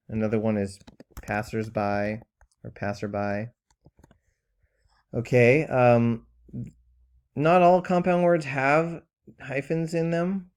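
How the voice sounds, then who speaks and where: A man teaching a recorded grammar lesson, patient and plain, with frequent ums and pauses while he explains. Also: medium pitch, darkish tone, clean tone.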